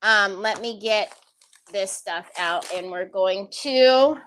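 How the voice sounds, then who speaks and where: A woman hosting a casual crafting livestream, chatty and excitable, thinking aloud as she works and tossing in playful made-up phrases. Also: medium pitch, takes it slowly, slight background noise.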